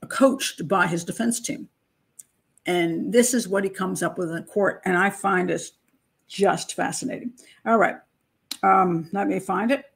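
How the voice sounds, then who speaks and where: Picture an older woman with a husky, slightly breathy voice talking through a true-crime case. She is emphatic and incredulous, pausing to mock what she reads. Her pitch sits in a plain middle range for a woman. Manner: emphatic, incredulous, mocks testimony with acted-out voices. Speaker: criminal profiler and channel host. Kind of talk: casual true-crime commentary.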